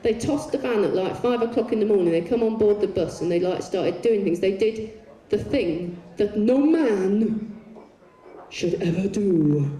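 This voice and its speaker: A woman telling bawdy, swearing stories on a concert stage, with deadpan comic asides. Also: fairly low pitch. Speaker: poet performing on stage. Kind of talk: live stage storytelling. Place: large concert arena on stage. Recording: echoey arena heard from far off.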